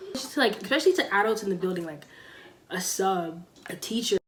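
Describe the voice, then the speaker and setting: A teenage girl on her own channel, giving blunt school advice in a casual sit-down talk, with sudden loud stresses. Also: mid-range voice, animated, brisk. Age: teens. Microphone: camera mic, sitting.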